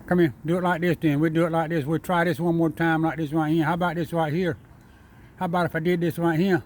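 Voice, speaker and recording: Guy in his front yard sweet-talking a squirrel, kinda high voice, a little outdoor hiss. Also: little pitch movement, fast talker, darkish tone. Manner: chatty, repetitive, coaxing, chuckling. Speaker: vlogger feeding a squirrel. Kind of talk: casual talk to an animal.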